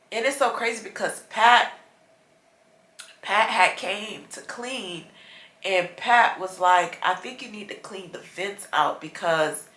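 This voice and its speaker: A woman from the United States vlogs from bed in her bedroom, stuffed up and sick, chatting casually with viewers in a rambling, frustrated manner. She has a medium-pitched, bright and forceful voice, recorded in an echoey room.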